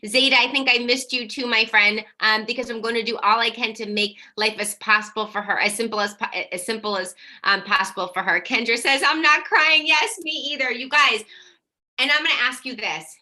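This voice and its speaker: A woman hosting a live online coaching workshop, energetic and encouraging as she reads out viewer comments and affirms each one. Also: fairly high pitch, fairly quick. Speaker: workshop host.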